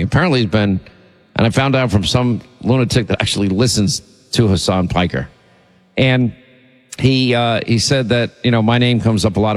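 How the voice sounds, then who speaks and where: Indignant male radio host, roomy sound. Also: fairly low pitch. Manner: indignant, emphatic, rambling. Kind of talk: talk radio monologue.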